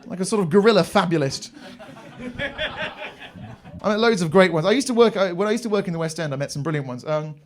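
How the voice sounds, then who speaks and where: A man's voice: sits high, quick pace, pauses often. A young English man performing a live stand-up routine on a comedy club stage, telling rambling stories with crude swearing.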